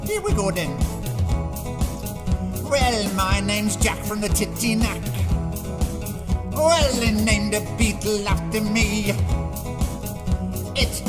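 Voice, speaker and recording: A squeaky, hammy film star croons a made-up comic song. He whoops and drawls slowly over loud backing music. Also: expressive.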